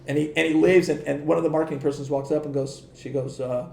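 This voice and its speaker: A man's voice: a little high, steady tone, quick pace, creaky, hardly any pauses, a little mellow, slight background noise. A middle-aged man, a podcast guest, telling rambling anecdotes in casual interview talk, acting out quoted dialogue, restarting sentences and swearing now and then. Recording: echoey room.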